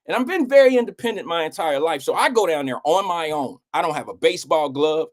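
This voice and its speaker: Middle-aged guy hosting, telling a story, swears a lot, does the voices of people he quotes. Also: fast talker. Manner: animated, acts out quotes with swings in pitch; blunt, swears casually. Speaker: host. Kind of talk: casual storytelling.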